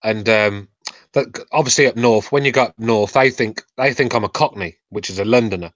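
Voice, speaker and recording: A man from England with a Midlands accent, co-hosting a podcast in blunt, swearing, rapid banter. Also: fairly low pitch, fairly bright tone, no echo, lo-fi sound. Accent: English Midlands. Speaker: podcast co-host. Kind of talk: casual chat.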